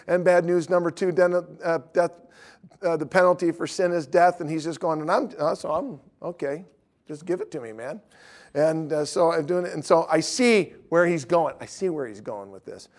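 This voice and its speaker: Middle-aged male evangelist, slightly high voice, tells animated stories from the pulpit. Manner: lively storytelling, acts out dialogue. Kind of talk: anecdotal preaching.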